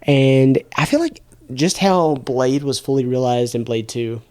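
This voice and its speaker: A man's voice: mid-range voice, animated, measured pace, darkish tone, smooth, no room sound. A young man co-hosting a podcast, chatting casually in a rambling, slangy way with frequent restarts. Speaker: podcast co-host. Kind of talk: casual chat.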